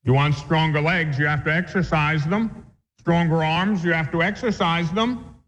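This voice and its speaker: A man, a priest, teaching a catechism class in a measured, deliberate way with homely examples. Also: a little high, fairly bright tone. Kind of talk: catechism lecture. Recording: dull lo-fi recording with long reverb.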